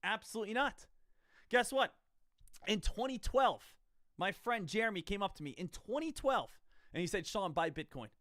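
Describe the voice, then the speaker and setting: A man's voice: sits high, lively intonation, moderate pace, long pauses, a bit bright, no room sound, clean studio sound. A man in his thirties talking casually to viewers on a live trading stream, rambling, repeating himself and quizzing his audience. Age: 30s.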